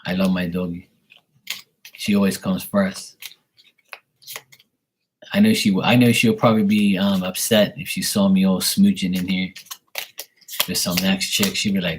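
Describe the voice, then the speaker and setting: A man hosting a casual livestream, joking crudely and streetwise, then doing psychic readings for viewers, often trailing into hushed asides. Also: sits low, level tone, unhurried, pauses often, slight background noise. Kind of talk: casual live-stream chat.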